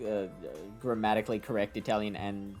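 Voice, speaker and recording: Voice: medium pitch, flat delivery, a little fast, a little mellow, faint music behind. A stream host chatting casually, laughing often and talking with a lot of fillers. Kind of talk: casual chat on a game stream.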